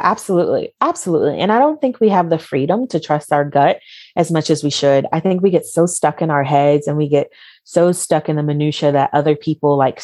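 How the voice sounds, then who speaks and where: A woman's voice: low voice, darkish tone, no room sound, studio quality. A woman giving motivational advice as a podcast guest, emphatic and fond of repeating key words. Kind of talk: podcast interview answers.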